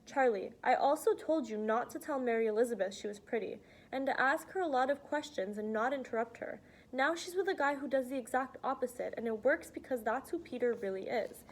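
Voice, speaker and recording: A woman's voice: fairly high pitch, fairly quick, lightly acted. A woman reading aloud as a shy, awkward teenage boy who speaks hesitantly. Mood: subdued. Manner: hesitant, subdued. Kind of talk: audiobook reading.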